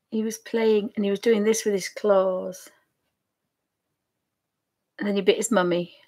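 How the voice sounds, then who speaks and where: A woman's voice: mid-range voice, darkish tone. Rambling, chatty Yorkshire woman. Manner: rambling, chatty, wandering off mid-sentence. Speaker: craft vlogger. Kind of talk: casual chat to camera.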